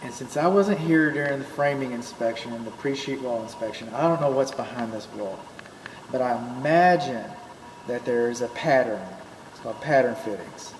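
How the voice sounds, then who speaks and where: A man's voice: mid-range voice, normal speed. A man with a Texan accent, a home inspector giving a folksy, chatty walkthrough with joking asides. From Texas. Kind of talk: walkthrough narration to a client. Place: empty new house interior. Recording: echoey empty rooms, steady background noise.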